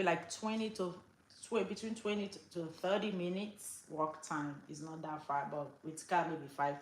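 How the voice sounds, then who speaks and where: A middle-aged woman from Africa, hosting a lifestyle livestream, telling a story casually with lots of laughs and fillers. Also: medium pitch. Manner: animated, laughs often, many fillers. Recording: roomy echo.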